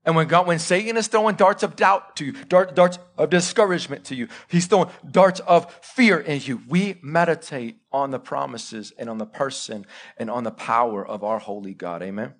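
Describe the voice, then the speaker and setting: A man in his thirties preaching a live sermon, swinging between loud urgent bursts and quiet, intimate asides and asking the congregation direct questions. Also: a little high, moderate pace. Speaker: pastor.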